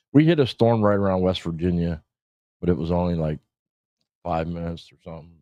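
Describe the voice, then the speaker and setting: A man's voice: deep voice, normal speed, mellow, dry recording. A middle-aged man hosting a casual livestream, rambling, swearing and laughing as he talks. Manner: rambling, profane, laughs often. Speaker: podcast host. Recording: dull lo-fi stream audio.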